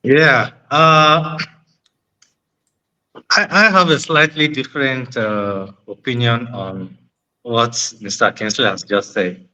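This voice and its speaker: Bright-voiced man arguing earnestly. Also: mid-range voice, takes it slowly, pauses often, low-quality recording. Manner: earnest, persuasive, repeats phrases. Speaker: panel guest. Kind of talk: panel discussion.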